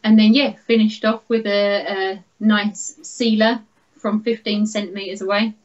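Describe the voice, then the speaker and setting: A woman's voice: mid-range voice, flat delivery, a little slow. Chatty woman, slightly muffled recording. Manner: chatty, laughs often, many fillers. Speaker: guest artist. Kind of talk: casual interview.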